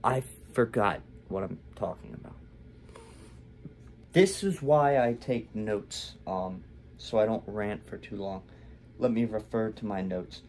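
A man's voice: fairly low pitch, slow pace, darkish tone, slight background noise. Candid rambling young man vlogging. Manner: rambling and candid, with many fillers and restarts. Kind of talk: casual personal vlog.

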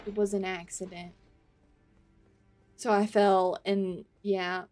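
A woman streaming a video game live, reacting with excitable, panicky commentary, laughing and swearing often. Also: medium pitch, takes it slowly, soft background music.

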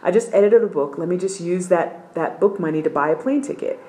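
A middle-aged woman with a fairly low voice recounts a personal testimony from her apartment. She tells it in an animated, emphatic way, acting out each voice in the dialogue with plenty of swings in energy. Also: brisk. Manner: acts out dialogue, lively and emphatic. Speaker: missionary sharing a testimony.

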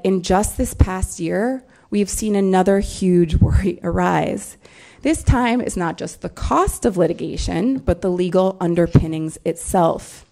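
Gravelly woman giving a prepared talk. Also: on the low side, darkish tone. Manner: measured, emphatic delivery of a written talk. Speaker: media lawyer giving a symposium talk. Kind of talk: prepared speech.

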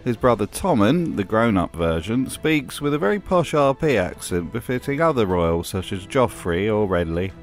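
A British man narrates a commentary video in a lowish voice, dry and mocking. Music plays faintly behind him. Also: very animated, moderate pace, few pauses. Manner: wry, mocking asides. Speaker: video essay host. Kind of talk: scripted commentary.

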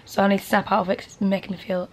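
Talking very fast in a flat, mid-range and slightly mellow voice, a young Northern English woman in her twenties rambles casually to camera. Her vlog is packed with fillers.

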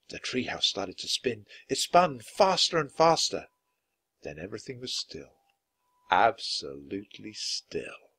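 Expressive man reading a children's story. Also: lowish voice, measured pace. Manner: clear, expressive narration. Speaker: storybook reader. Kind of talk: reading a children's book aloud.

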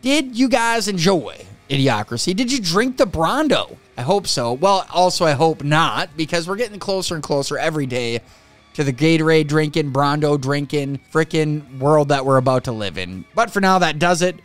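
A man's voice: a little high, expressive, moderate pace, a bit bright, faint music behind. A man hosting a reaction video, chatting casually and chuckling at clips. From northern United States. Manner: chuckles often, chatty and amused.

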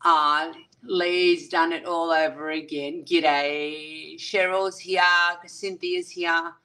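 A woman's voice: low voice, fairly even intonation, slow, bright, forceful tone. An Australian woman hosting a casual livestream, chatting and greeting viewers by name with pet names. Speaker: livestream host. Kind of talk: casual livestream chat reading viewer comments.

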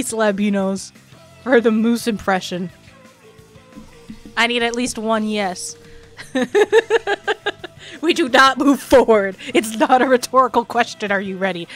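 A woman's voice: fairly high pitch, faint music behind. A woman streamer chatting casually and rambling, laughing easily and talking straight to her viewers. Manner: chatty, rambling, quick laughs, addresses chat. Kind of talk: casual live-stream chat.

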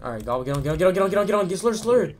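A man co-playing on a live game stream, talking hyped and casual and repeating words in rapid bursts. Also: high-pitched, very animated, a crowd in the background. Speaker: co-player on the stream. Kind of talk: casual chat while gaming.

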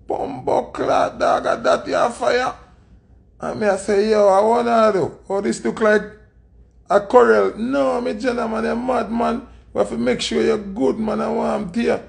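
A man mimicking raspy Jamaican street guys, pitched high. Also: unhurried, full character voice. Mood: urgent, excited. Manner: excited, pitched-up retelling. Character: rough young street men, watchful and protective.

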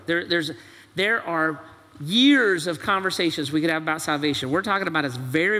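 A man with a high, ringing, forceful voice preaches to his congregation. He presses one rhetorical question after another and slips into quoted voices. The sound carries a long hall reverb, as if heard in a church auditorium. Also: brisk. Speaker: pastor. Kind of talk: sermon.

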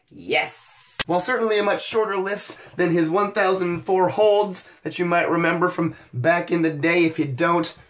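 A young man hosting a wrestling show recap, talking energetically with wisecracks and sudden excited outbursts. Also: on the high side. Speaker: wrestling podcast host.

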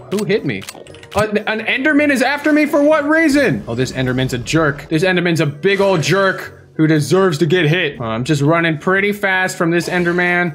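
High-voiced excitable young gaming host. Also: male voice. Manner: excitable, playful, kid-friendly taunting of enemies. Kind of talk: Minecraft gameplay commentary.

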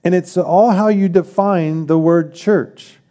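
A man's voice: high voice, slow pace, warm tone. A man preaching a sermon as pastor, emphatic, repeating key phrases and asking the congregation questions.

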